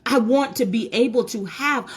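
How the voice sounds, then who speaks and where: A woman's voice: on the high side, moderate pace, breathy edge. A woman hosting a motivational talk for women, emphatic and preachy, with self-mocking asides to her audience. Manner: repeats words and restarts when fired up.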